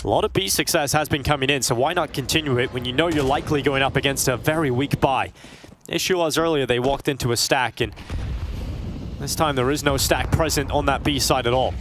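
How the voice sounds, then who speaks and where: A man calling esports play-by-play, his voice climbing in pitch and volume when a big play lands. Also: a little fast, noisy background. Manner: rises sharply in pitch and volume at big plays. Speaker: esports commentator. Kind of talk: play-by-play commentary.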